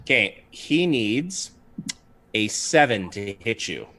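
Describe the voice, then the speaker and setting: A man's voice: fairly low pitch, sing-song, takes it slowly, background noise. A man acting as game master, narrating a tabletop game on a livestream in an easygoing, chatty way with frequent ums.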